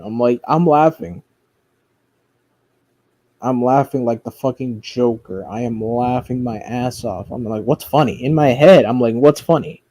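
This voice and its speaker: A man's voice: mid-range voice, warm tone, no room sound. A man giving casual, rambling commentary, swearing often and restarting his sentences. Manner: rambling, profane, frequent fillers and restarts. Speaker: commentary streamer.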